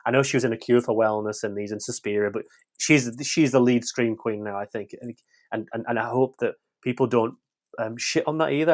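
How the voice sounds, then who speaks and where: A man talks through a film review in a loose podcast chat. He is blunt and curses freely, tripping over his own restarts. His voice sits at an ordinary middle pitch. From West Yorkshire, England. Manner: frank and blunt, swears freely, tumbling restarts.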